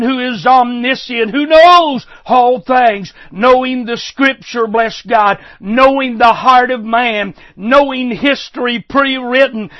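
A man preaching a sermon with fervor, sometimes stumbling and restarting, then building to shouted emphasis. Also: very high-pitched, no room sound. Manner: halting restarts while he gathers thoughts. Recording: dull lo-fi recording.

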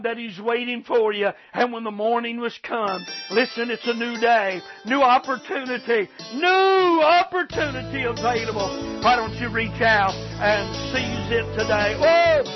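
Brief: high-pitched man preaching hard, shouting bursts, muffled broadcast sound. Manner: impassioned, shouting bursts, repeated rhetorical "can I tell you". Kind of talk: fiery radio sermon.

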